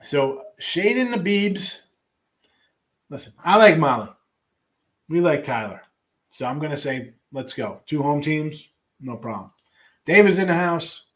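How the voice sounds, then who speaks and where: A man's voice: fairly high pitch, very animated, a little slow, pauses often, a bit bright. A man hosting a sports betting show, running through daily picks in a casual, offhand way with wry asides and trailing restarts, while reading a live chat.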